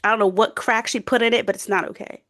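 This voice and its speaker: A woman's voice: fairly high pitch, fairly even intonation, fast talker, a bit bright. A young adult woman co-hosting a book chat, bubbly and gushing, full of fillers and giggles. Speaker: co-host of a book podcast. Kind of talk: casual chat.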